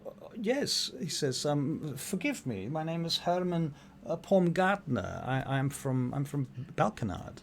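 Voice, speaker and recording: A man's voice: a little high, big pitch swings, measured pace, vocal fry, a little hiss or hum, voice pushed up, heavily acted. A man voicing a courteous, slightly pompous male information broker in a tabletop game. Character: polite, chatty male information broker from the north. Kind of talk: tabletop role-play voice.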